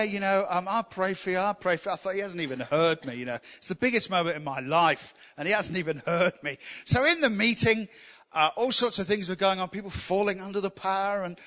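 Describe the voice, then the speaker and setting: A man preaches, his voice high and bright as he tells funny, self-deprecating stories. The sound carries a long reverb from the church hall around him. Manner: humorous, self-deprecating, animated. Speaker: pastor. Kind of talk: sermon with storytelling.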